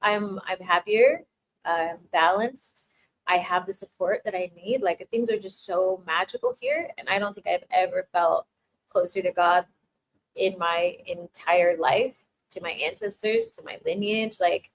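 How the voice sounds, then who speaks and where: A woman hosts a casual live Q&A, laughing often and warmly thanking viewers as she reads their chat messages, with many restarts and filler words. Her lowish voice is sing-song at a measured pace. Audio quality is poor, with slight background noise.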